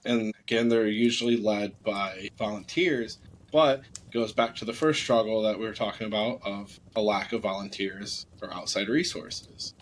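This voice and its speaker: A man co-hosting a casual podcast, meandering and often restarting and correcting himself, blunt and quick to swear when something annoys him. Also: lowish voice, poor audio. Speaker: podcast co-host.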